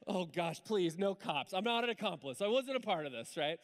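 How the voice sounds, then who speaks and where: A man preaching a sermon in church, telling a story in a lively, conversational way with asides to the congregation. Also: high-pitched, moderate pace, few pauses. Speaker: pastor. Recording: hall reverb.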